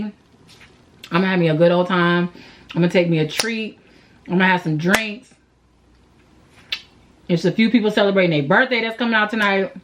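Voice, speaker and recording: A woman's voice: mid-range voice, slight background noise. A young woman, a beauty vlogger, rambling through a makeup tutorial in a slangy, playful way, laughing and sighing often. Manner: rambling, self-deprecating, laughs and sighs often.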